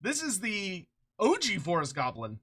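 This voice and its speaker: A streamer chatting casually on a live stream, excitable and rambling, swearing freely and laughing often, short on sleep. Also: mid-range voice, a little slow, breathy edge. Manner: rambling with frequent restarts.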